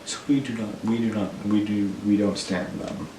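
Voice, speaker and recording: A man's voice: on the low side, fairly even intonation, moderate pace, noisy background. A teenage boy telling school stories in a rambling, self-deprecating way, full of "like" and "um". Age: teens. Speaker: vlogger. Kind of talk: casual storytelling. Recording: echoey room, voice a little far from the mic.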